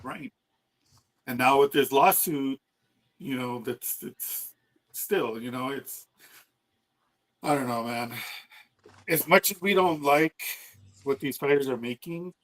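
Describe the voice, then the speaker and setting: A man's voice: medium pitch, takes it slowly, long pauses, a bit bright, rough recording. A man co-hosting a podcast, chatting casually and bluntly, cursing as he rants. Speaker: podcast co-host. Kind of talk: casual chat.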